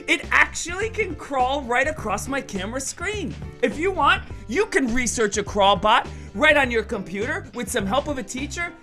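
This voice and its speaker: A man performing a playful, animated magic show for schoolchildren over a video call, teasing and cheering the kids on. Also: very high voice. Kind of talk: virtual kids' magic show.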